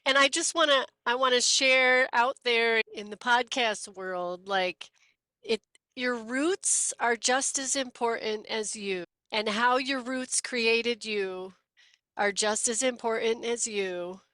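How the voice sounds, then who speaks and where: A woman co-hosting a podcast interview, talking in a lively, chatty and playful way. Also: a little high, slow pace, no echo. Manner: lively, chatty, playful, does quoted voices. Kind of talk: casual conversational interview.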